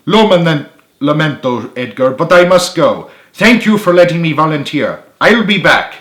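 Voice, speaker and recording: A man voicing an excitable, eager young man who exclaims loudly. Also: a little high, normal speed, roomy sound, voice pushed up. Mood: apologetic. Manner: excited exclaiming, Spanish interjections.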